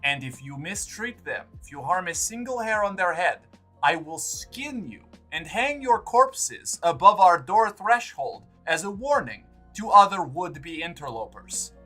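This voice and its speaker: A man's voice: high voice, sing-song, pushed and bright, soft background music, pitched above the performer's own voice, exaggerated voice. Man doing a menacing Slavic-accented raider guard. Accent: vaguely Slavic put-on. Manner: slow, formal threats. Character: gruff former raider guarding a shop door, menacing.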